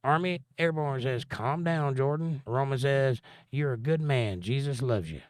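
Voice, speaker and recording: A man's voice: medium pitch, measured pace, no echo. A man hosting a livestream, reading viewer comments aloud and answering them with dry, sarcastic jokes. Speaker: livestream host.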